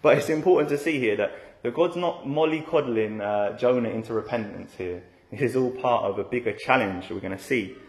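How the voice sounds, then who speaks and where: Male preacher, mid-pitched, chatty expository sermon style with rhetorical tag questions, recorded in a reverberant room.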